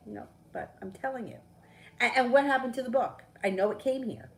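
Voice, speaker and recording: A middle-aged woman, a tarot reader chatting casually on a live stream, telling a story with lively, swearing asides. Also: on the high side, moderate pace, poor audio.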